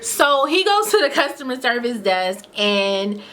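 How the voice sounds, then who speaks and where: A woman's voice: on the high side, measured pace. Chatty young woman telling a story. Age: 20s. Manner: chatty, many "like" fillers, lively retelling. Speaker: vlogger. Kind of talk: casual storytime.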